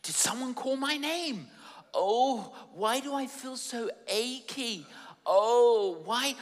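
A man's voice: very high-pitched, expressive, takes it slowly, heavily acted. A man voicing a stiff, achy man just raised from the dead, moaning and complaining in comic groans, in an echoey hall. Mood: groaning complaint.

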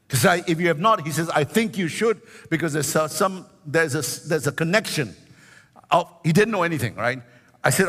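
A man's voice: on the high side, lively intonation, brisk, a bit bright, long reverb tail. A man in his sixties preaching a sermon as pastor, fervent, with frequent hallelujahs and a sing-song lift on key words. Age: 60s.

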